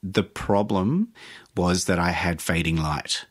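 Brief: man, very low voice, animated self-mocking storyteller. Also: takes it slowly. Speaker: guest. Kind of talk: interview storytelling.

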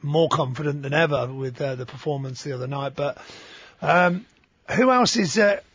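A man with a fairly high, slightly husky voice co-hosts a radio talk, putting questions to a guest with friendly hesitation. The sound is dry and a little dull. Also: normal speed, a bit bright, no echo. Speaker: radio co-host. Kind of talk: casual radio chat.

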